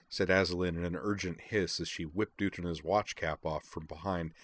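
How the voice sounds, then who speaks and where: A man narrating a story in a steady audiobook style. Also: low voice, normal speed, few pauses.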